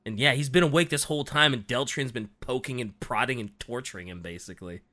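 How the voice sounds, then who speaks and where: A man co-hosting a casual book discussion podcast, laughing often and acting out characters in quick voices. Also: mid-range voice, pushed and bright. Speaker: podcast co-host.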